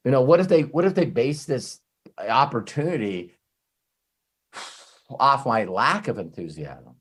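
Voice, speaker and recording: A man giving an off-the-cuff motivational talk as a network marketing trainer, rambling and animated, swearing freely and often breaking off and restarting his sentences. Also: mid-range voice, unhurried, slightly rough. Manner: frequent restarts and self-interruptions.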